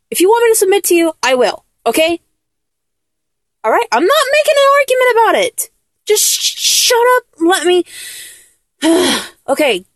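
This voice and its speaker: A woman's voice: sits high, no room sound. A woman performing a one-sided audio role-play, moving from teasing to tearful, breathless pleading.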